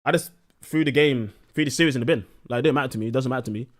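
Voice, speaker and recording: A man's voice: medium pitch, very fast. A young man streaming live, talking a little drunk with slightly slurred words and ranting bluntly with plenty of swearing.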